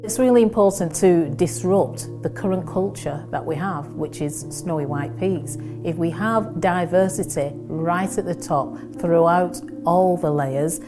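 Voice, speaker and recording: Low-voiced earnest woman. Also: a little slow, hardly any pauses, over music. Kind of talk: interview statement.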